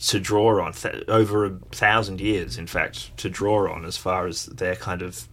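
A man's voice: deep voice, flat delivery, moderate pace, a bit bright. An Australian man co-hosting a casual political chat, wry and digressive, with casual swearing.

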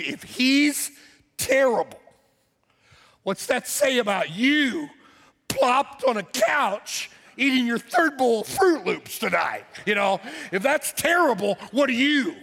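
A middle-aged man, a lead pastor, preaching a sermon in a confessional storytelling way with sudden loud outbursts. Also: fairly high pitch.

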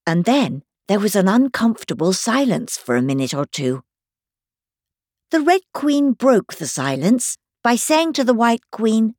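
A woman reads a classic children's story aloud in a fairly high, slightly breathy voice. Her pitch moves in a lively way. The sound is dry and close. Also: unhurried, no echo. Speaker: volunteer reader. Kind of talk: audiobook narration.

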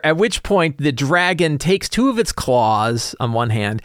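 A man's voice: a little high, very animated, unhurried, hardly any pauses, dry recording, clean studio sound. A man recapping his tabletop campaign as game master in a rambling, casual way. He fills his talk with "like" and "right?" and chuckles as he tells it. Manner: chuckles while telling.

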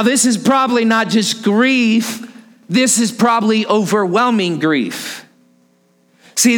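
Male preacher, high voice, dramatic sermon delivery with rhetorical questions and hushed low drops. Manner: dramatic, drops low and soft for emphasis, repeats phrases; asks the listeners rhetorical questions.

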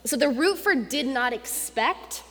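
A young woman with a fairly high voice preaches to a congregation, chatty and lively, throwing herself into the quotes she acts out. Her voice rings with the long reverb of a large church hall. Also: unhurried. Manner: conversational and animated, acts out quotes with rising intensity. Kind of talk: sermon.

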